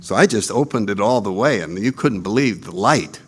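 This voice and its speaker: A man speaking at a recovery retreat, telling a story in an animated way, laughing at his own jokes and acting out voices. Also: fairly low pitch, normal speed, breathy edge. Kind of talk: storytelling talk.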